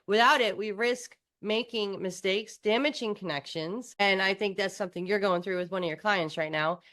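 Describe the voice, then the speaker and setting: A woman's voice: mid-range voice, moderate pace, fairly bright tone. A woman co-hosting a podcast in casual chat, blunt and outspoken. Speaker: podcast co-host.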